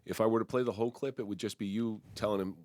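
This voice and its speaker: A man's voice: on the low side, fairly even intonation, rapid-fire, darkish tone, a little hiss or hum. A man hosting a podcast, chatting casually in a blunt, joking way. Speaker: podcast host. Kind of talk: casual chat.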